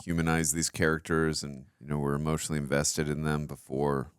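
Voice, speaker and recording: A man's voice: very deep voice, level tone, brisk, clean tone, no room sound, clean studio sound. A man co-hosting a movie reaction, giving earnest, emotional reactions in casual chat.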